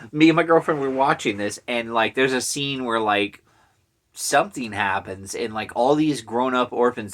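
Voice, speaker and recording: A man recapping a bad horror movie for his channel in a loose, rambling way, dotted with fillers and quick asides. His voice is bright and sits at an ordinary pitch, and he chuckles at his own jokes. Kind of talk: casual movie recap vlog.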